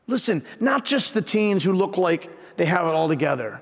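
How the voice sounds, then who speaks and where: Man, pastor, sermon, earnest and fervent, high voice, long echo of a big hall. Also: sing-song, moderate pace, hardly any pauses, husky. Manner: earnest storytelling, builds to fervent emphasis.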